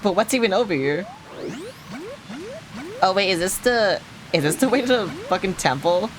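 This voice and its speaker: A woman's voice: mid-range voice, animated, normal speed. A young woman streaming a video game at home, chatting casually with the game, swearing now and then. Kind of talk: live gameplay commentary. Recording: game music playing underneath.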